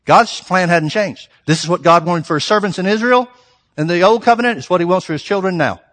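Man, preacher, sermon, high voice, rhetorical questions, reverberant hall. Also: fairly bright tone. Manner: emphatic, rhetorical questions to the congregation; reads scripture slowly and deliberately. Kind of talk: sermon with scripture reading.

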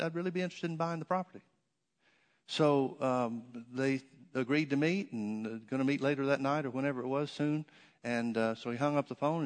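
Man preaching with hall reverb. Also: mid-range voice. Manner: storytelling, repeats phrases for emphasis. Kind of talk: sermon.

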